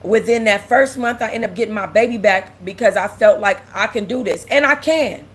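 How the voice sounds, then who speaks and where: A young woman with a medium-pitched voice talks at a normal speed while hosting an emotional, casual livestream. Nearly in tears, she's candid, repeats herself, and reads out and answers her viewers' comments.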